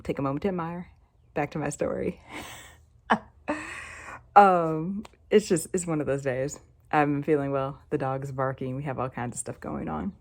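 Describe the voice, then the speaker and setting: A woman's voice: sits low, steady tone, normal speed, vocal fry, long pauses. A young woman with a Southern US accent telling a story in a rambling, chatty way, laughing often. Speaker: vlogger. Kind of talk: casual storytelling.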